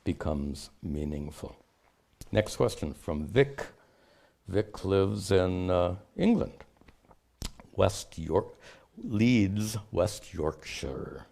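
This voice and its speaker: A man, a spiritual teacher, answering questions in a measured, explanatory way. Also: low-pitched, expressive, gravelly, warm tone. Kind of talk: unscripted teaching talk.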